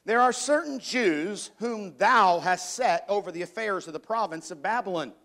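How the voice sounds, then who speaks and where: A man preaching a sermon, reading scripture aloud in an old-fashioned cadence and slowing down to stress key words, often repeating words as he builds his point. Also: sits high, lively intonation, creaky, bright, forceful tone. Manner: reads scripture in archaic cadence, slowing for emphasis.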